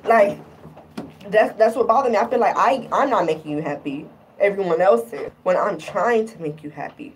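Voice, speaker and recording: A woman's voice: medium pitch, animated, moderate pace, far from the mic, a little hiss or hum, poor audio. A young woman vlogging a candid, exasperated rant about her relationship, quoting her partner in mocking voices. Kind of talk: candid personal rant to camera.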